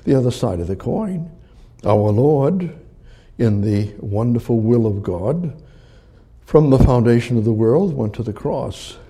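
An older man preaching a sermon as pastor, with a gravelly voice, acting out crowd quotes. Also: mid-range voice, animated, a little slow, warm tone.

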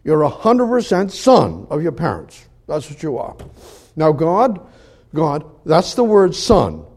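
A man preaching a sermon, firing rhetorical questions and repeating phrases for emphasis, swinging between loud declarations and low murmured asides. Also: huge pitch swings, slow, slightly rough.

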